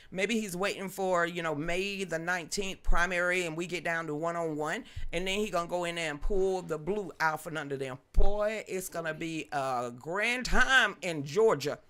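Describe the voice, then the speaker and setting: A woman hosting an unscripted political live stream, talking in a sassy, animated and mocking way, greeting chat viewers by name. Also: medium pitch.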